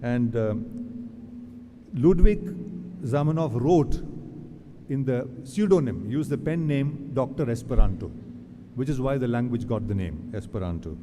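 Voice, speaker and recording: A man's voice: mid-range voice, expressive, measured pace, long pauses. A man giving an academic lecture to literature students, talking in a digressive way with many fillers and restarts. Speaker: guest lecturer. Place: lecture hall. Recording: reverberant hall, audible background noise.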